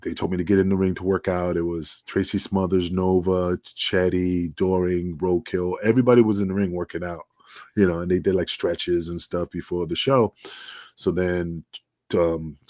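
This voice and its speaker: A middle-aged man, telling wrestling stories as a podcast guest and acting out the dialogue with a lively raised voice. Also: low-pitched, normal speed, dry recording, studio quality. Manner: animated, acts out dialogue with raised voice. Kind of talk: casual storytelling interview. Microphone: remote video call.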